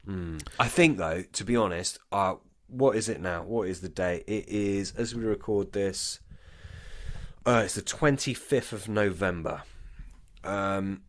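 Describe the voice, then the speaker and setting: A man's voice: deep voice, unhurried, no room sound. A drunk man co-hosting a podcast in casual chat, rambling and swearing as he goes off on tangents. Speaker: podcast co-host.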